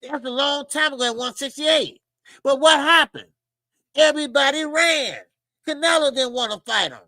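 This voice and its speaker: A man's voice: extremely high pitch, normal speed, pushed and bright, dry recording. A man hosting a boxing channel, ranting in emphatic, repetitive slang and calling his listeners "baby". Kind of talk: animated boxing commentary rant.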